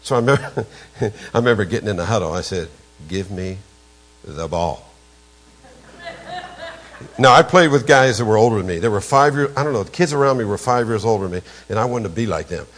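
Older pa preacher guy, husky voice, tells stories and gets loud in bursts. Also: expressive, fast. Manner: emphatic, with sudden leaps in pitch and volume. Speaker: pastor. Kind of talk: storytelling sermon.

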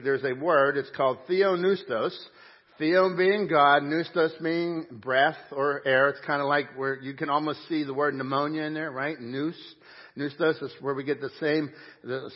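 A man's voice: a little high, husky. A man pastor preaching a sermon in church, emphatic with folksy asides and audible huffing breath. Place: church sanctuary. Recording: dull muffled audio.

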